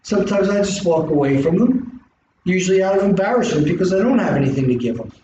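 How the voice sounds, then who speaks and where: A middle-aged man with a South Philly accent, an instructor giving an animated classroom lecture full of rhetorical questions. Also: sits high, quick pace. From South Philadelphia, US. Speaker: college instructor. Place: large classroom. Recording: distant echoey classroom recording, dull and hissy.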